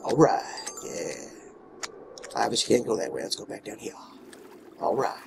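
Against background noise, a gravelly, lowish male voice moves at a moderate pace with lively intonation. The let's play gamer chats casually about his game from a home room where his dogs are nearby, playfully baby-talking his character and shifting from muttering to exclaiming.

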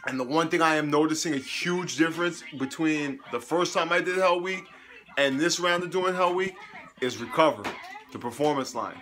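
A man's voice: on the high side, moderate pace, fairly bright tone. A young man speaks casually to his camera at home, still sweaty and tired from a workout. His talk is chatty and upbeat, and he slips into motivational coaching as he goes. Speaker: fitness coach vlogger. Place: home living room.

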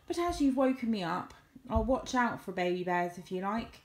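A woman voicing a sleepy mountain lion in a storybook reading, slow and drowsy. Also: mid-range voice, sing-song, darkish tone, reverberant, rough recording.

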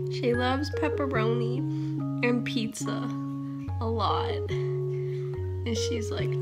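A woman's voice: fairly high pitch, takes it slowly, music in the background. A young woman chatting casually to camera about her pets, bubbly, laughing often and swearing lightly. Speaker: pet vlogger.

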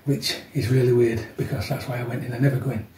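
A man in his fifties talks through a home workout in a casual, easygoing way, dropping "yeah" after almost every line. He keeps his voice low so as not to wake people. He sounds a little distant from the mic, in an echoey room with faint background noise. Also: steady tone, fast talker. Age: 50s. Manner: chatty, keeps adding "yeah", talks softly to avoid waking people. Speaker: fitness vlogger.

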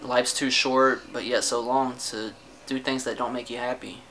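Recorded roughly on a camera mic, this young man vents in a casual personal rant, defensive, frustrated and full of swearing, with many restarted sentences. He's a vlogger whose medium-pitched voice comes across flat, pushed and bright at a normal speed.

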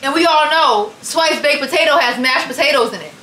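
Bright-voiced young woman vlogging. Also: high-pitched, a little fast, a little hiss or hum. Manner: lively, teasing, often calls people baby. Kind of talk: casual vlog chat. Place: home kitchen.

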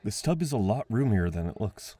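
A man voicing a friendly young man at a party, talking gently and coaxingly with frequent chuckles, in an audio role-play. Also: fairly low pitch, sing-song, a little fast, slightly rough, some chatter behind. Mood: gentle, teasing.

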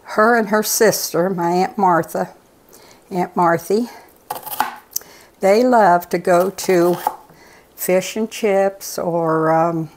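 A woman's voice: lowish voice, slow pace, long pauses, slight background noise. An older woman telling rambling, folksy stories in a casual, chatty way while she cooks. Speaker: cooking show regular, host's mother. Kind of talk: casual storytelling while cooking.

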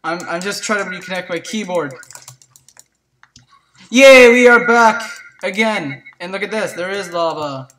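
A gameplay commentator chatting to viewers in a let's play, excitable and prone to yelps and shrieks at surprises. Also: mid-range voice, fairly quick, few pauses, distant mic, low-quality recording. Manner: chatty, talks to viewers as "guys".

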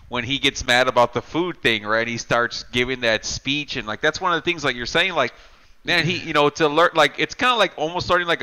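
A man's voice: mid-range voice, bright, forceful tone, clear, resonant tone, rough recording. A man co-hosting a casual movie podcast, talking enthusiastically and with profanity as he builds up his praise for a performance. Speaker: podcast co-host.

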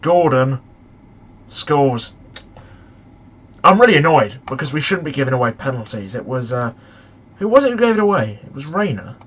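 A young man commentating on a football management game, excitable and shouting at the match in frustration. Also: medium pitch, moderate pace, long pauses, slightly rough. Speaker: gaming YouTuber.

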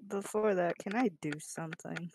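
A woman playing a tabletop game, describing her hero's actions and speaking her lines in a deliberate way. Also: fairly low pitch, fairly even intonation, darkish tone, slight background noise. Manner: slow, deliberate, in-character outbursts. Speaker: player. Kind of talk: tabletop role-play.

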